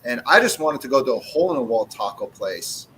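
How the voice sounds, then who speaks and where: A man's voice: medium pitch, lively intonation, a little fast, a bit bright, a little hiss or hum, low-quality recording. A man in his forties, a cigar brand owner and podcast guest, talking in a blunt, casual way, swearing freely and acting out what he says to customers. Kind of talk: casual chat.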